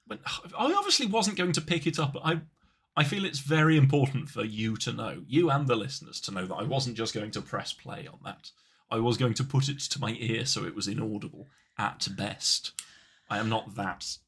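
A man's voice: medium pitch, lively intonation, normal speed, fairly bright tone, slightly rough. A man co-hosting a podcast, chatting casually with playful, rambling jokes. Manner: playful, rambling, jokey asides. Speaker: podcast co-host. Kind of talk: casual chat.

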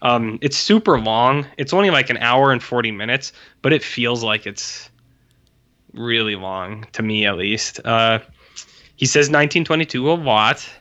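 Man, podcast co-host, bright tense voice, rambling and profane, somewhat dull lo-fi sound. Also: mid-range voice, normal speed. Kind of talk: casual chat.

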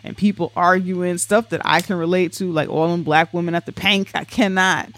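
A podcast co-host chatting casually, animated and dramatic, swearing freely and reading sponsor info. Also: medium pitch, a little fast.

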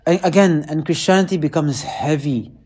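Male priest, conversational sermon, animated delivery, slightly high voice. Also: moderate pace, slightly rough. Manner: animated, keeps asking listeners "right?".

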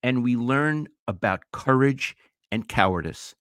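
A man's voice: medium pitch, lively intonation, measured pace, a bit bright, no room sound, clean studio sound. An older man, a retired sports writer, co-hosting a casual sports podcast with emphatic opinions and stumbling restarts.

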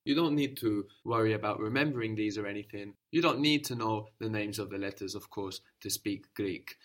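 A man teaching a spoken language lesson, patient and encouraging, explaining slowly and repeating words. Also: fairly low pitch.

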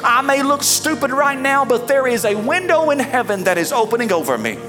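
Fervent pastor preaching with high lively pitch. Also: brisk, over music. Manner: emphatic, dramatic, fervent. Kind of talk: energetic sermon.

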